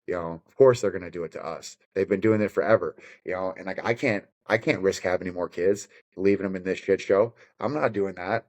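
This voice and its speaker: A fired-up man on a podcast, rambling and cursing his way through his points. His voice sits on the low side. He talks in an easy, conversational way. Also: brisk, few pauses, a little mellow. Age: adult with children. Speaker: podcast guest, bare-knuckle fighter.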